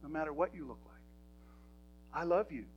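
Emphatic male pastor with a higher voice. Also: normal speed, dull audio, slight background noise. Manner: emphatic, conversational preaching. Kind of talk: sermon. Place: church.

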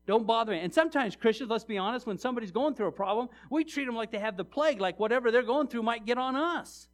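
A middle-aged man preaching a sermon, telling personal stories and addressing the congregation directly, swinging from hushed to loud and emphatic. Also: extremely high pitch, expressive, fast. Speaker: pastor.

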